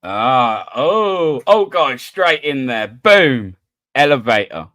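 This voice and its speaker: A man's voice: mid-range voice, big pitch swings, pushed and bright, no room sound. Laughing, swearing British man hosting a quiz. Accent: British English. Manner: laughs a lot, swears casually, reads riddles slowly. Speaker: livestream quiz host. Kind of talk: casual livestream chat.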